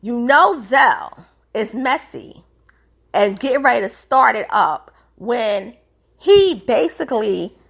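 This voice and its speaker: A woman recapping a reality TV episode in a casual, animated way, acting out the quotes in changing voices. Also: on the high side, slow, creaky, husky.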